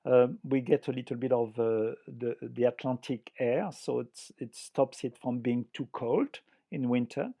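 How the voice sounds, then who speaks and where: A man's voice: medium pitch, creaky, mellow. An older man from France with a French accent, a chef talking as a guest in a podcast interview, hesitating often with fillers and restarts. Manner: halting, many fillers and restarts.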